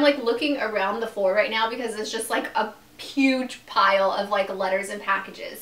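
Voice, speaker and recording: A woman's voice: medium pitch, a bit bright. A young woman in her twenties telling a story in a casual vlog at home, giggling often and talking with lots of fillers. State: recovering from surgery. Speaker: YouTuber. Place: home room. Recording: echoey room, mic at a distance.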